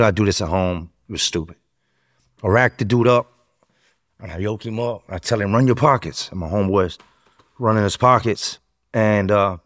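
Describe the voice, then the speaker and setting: A low-pitched man recounts a story from his own life in a loose, slangy podcast-guest manner. He gets animated and slips into other people's voices as he tells it. His voice is close and dry, with no room sound around it. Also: no room sound. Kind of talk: first-person crime storytelling.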